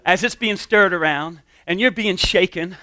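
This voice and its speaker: A man's voice: high voice, normal speed, bright, forceful tone, no room sound. Conversational man preaching a sermon. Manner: conversational, storytelling with restarts and voiced quotes. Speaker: pastor. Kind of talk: sermon with object lesson and personal story.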